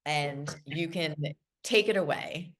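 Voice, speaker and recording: Low-voiced woman hosting, super gushy and excited, lots of "like". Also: takes it slowly. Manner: gushing, enthusiastic, with many "like"s. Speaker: program founder and host. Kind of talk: enthusiastic class introduction.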